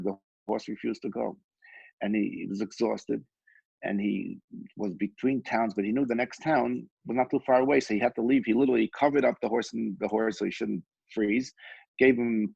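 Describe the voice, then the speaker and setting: A man's voice: mid-range voice, vocal fry, darkish tone, breathy edge, no room sound. A man giving a Torah lesson, telling a story with frequent restarts. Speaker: Torah teacher. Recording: dull, dry lo-fi recording.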